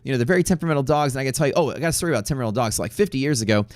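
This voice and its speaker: A man hosting a live trading stream, chatting casually in a rambling way with profane jokes and quick asides to viewers. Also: medium pitch, animated, no room sound. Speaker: livestream trading host.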